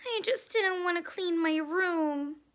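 A woman voicing a tiny, timid young canary in a small, squeaky voice. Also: slow pace, a bit bright, exaggerated voice.

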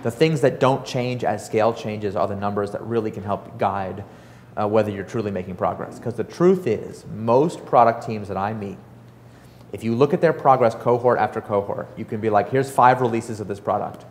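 A man giving a casual, animated talk to an audience, full of fillers and acted-out quotes. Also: lowish voice, moderate pace, in a large hall, a little hiss or hum. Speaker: startup author and speaker.

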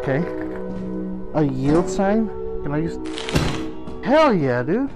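A man's voice: a little high, sing-song, takes it slowly, over loud music, poor audio. A young man playing a horror game alone in VR, swearing freely and shrieking when frightened. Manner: jumpy, swears a lot, shrieks when scared. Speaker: gaming streamer. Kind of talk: solo horror game commentary.

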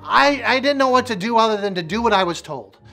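A man's voice: high voice, animated, fast talker, gravelly, bright, forceful tone, soft background music. A middle-aged man, a minister, sharing a personal testimony with vivid, emphatic repetition.

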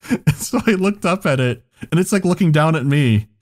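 A man's voice: fairly high pitch, animated, normal speed. A man hosting a podcast, telling a story in casual chat, laughing often and swearing freely. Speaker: podcast host.

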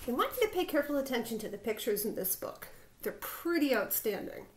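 A woman teacher reading a picture book aloud to her school, expressive, with dramatic sound words. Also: fairly high pitch, brisk, background noise.

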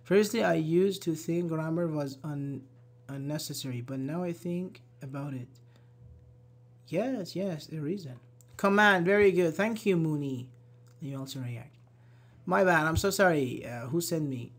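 Slow-paced online English teacher. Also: medium pitch. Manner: slow, repeats examples, apologizes and laughs at own slips. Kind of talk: live-streamed grammar lesson reading chat.

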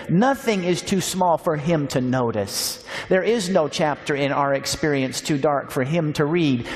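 Man preaching in a reverberant hall. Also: a little high. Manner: warm storytelling, slows for emphasis. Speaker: speaker at a Christian seminar. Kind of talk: sermon. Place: large hall.

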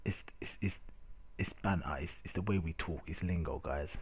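Husky, deep-voiced London man ranting. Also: moderate pace. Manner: slangy, animated ranting with repeated 'innit'. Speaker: gamer narrating match footage. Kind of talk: casual rant over gameplay video.

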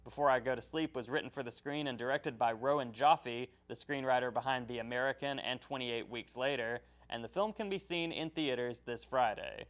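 A man presenting scripted entertainment news about movies, in an upbeat, brisk manner. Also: mid-range voice, a bit bright. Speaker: entertainment reporter.

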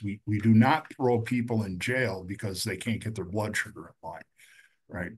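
A middle-aged man, a recovery counselor, talking earnestly and with feeling, with some halting fillers. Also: on the low side, slightly rough. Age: middle-aged or older. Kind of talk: conversational storytelling.

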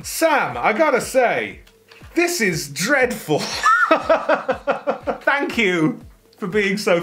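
A man's voice: a little high, a bit bright. A man chatting sarcastically while unboxing toys, laughing often in mock disappointment. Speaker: toy unboxing vlogger. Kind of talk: casual unboxing chat.

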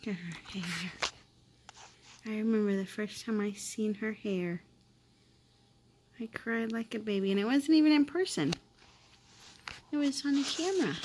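A woman's voice: mid-range voice, moderate pace, pauses often, a little mellow, slight background noise. A young mother, chatting casually and switching into sing-song baby talk to her infant at home. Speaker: vlogger mother. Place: home, indoors.

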